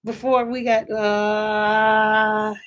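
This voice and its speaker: A middle-aged woman hosting a casual chat, telling animated stories, laughing often, and repeating and restarting her phrases. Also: medium pitch, very slow, highs cut off. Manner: animated storytelling, laughs often, acts out quotes. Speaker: host.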